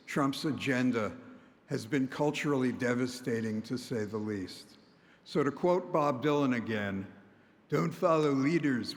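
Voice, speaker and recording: An older man delivers a commencement address in a measured, dryly humorous way, his voice sitting at an ordinary middle pitch. He speaks into a podium microphone, and a long reverb trails his words through a large concert hall. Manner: measured, wry, quoting others. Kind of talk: prepared commencement speech.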